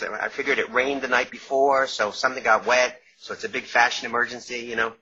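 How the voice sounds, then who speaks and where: Man, New York accent, bright husky voice, rambling storyteller, dull lo-fi recording. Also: medium pitch, little pitch movement, fairly quick. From Long Island, New York. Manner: rambling, self-interrupting, laughs through stories. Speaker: guest, author and former caterer. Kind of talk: casual storytelling interview. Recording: dull lo-fi sound.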